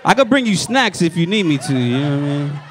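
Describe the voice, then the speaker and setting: On a comedy stage before a live audience, a New York-accented stand-up comedian tells family stories, speaking fast in a slightly high voice. He's animated, acts out his relatives, and lands loud punchlines as laughter sounds in the background.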